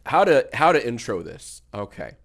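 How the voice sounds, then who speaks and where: A man's voice: mid-range voice, husky. A man chatting casually on a livestream, joking and riffing on messages from chat. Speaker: streamer.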